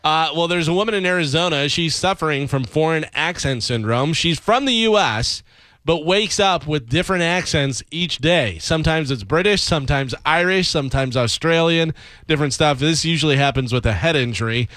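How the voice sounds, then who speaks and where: A man's voice: on the high side, moderate pace, fairly bright tone, no echo. Man reading quirky radio news. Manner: reads odd news stories, playful jokes. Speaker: radio news reader on morning show. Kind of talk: casual morning radio banter.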